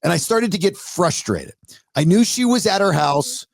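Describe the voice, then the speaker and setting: A man's voice: high-pitched, animated, moderate pace, vocal fry, no room sound, studio quality. A middle-aged man hosting a podcast, telling a story with animation and acting out both sides of a conversation. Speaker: podcast host.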